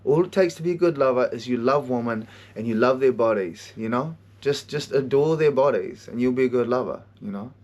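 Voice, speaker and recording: Gentle loving mother done by a man, soft soothing advice. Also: medium pitch, brisk, hardly any pauses, pitched below the performer's own voice, close to an everyday voice. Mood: tender. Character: gentle loving mother reassuring her son.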